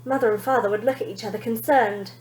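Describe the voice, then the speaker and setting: A woman teacher reading a children's storybook aloud, lively and expressive, pointing out the pictures. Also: medium pitch, fast talker, reverberant, rough recording.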